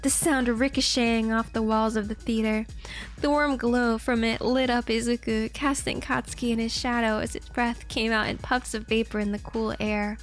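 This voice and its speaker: High-pitched streamer lady reading fanfic, giggly reactions, music faint in the back. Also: normal speed. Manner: giggly, excitable asides to chat.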